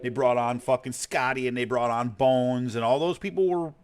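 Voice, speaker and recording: A man's voice: mid-range voice, fairly even intonation, normal speed, a little mellow, slight background noise. A man in his forties streaming a game, talking bluntly and profanely in a rambling casual chat. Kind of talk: casual chat while gaming.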